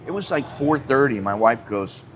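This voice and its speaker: A man's voice: mid-range voice, animated, normal speed, slight background noise. An American man telling a rambling story in a casual live stream and acting out the dialogue. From United States. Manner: chatty, rambling, acts out dialogue. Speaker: vlogger. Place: Thailand, drinking coffee. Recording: music clearly behind voice.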